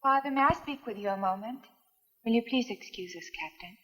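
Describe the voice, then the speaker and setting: A scientist's polite, gracious daughter in a 1950s film. Her voice sits a little higher than usual. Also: lively intonation, a little fast, bright, forceful tone.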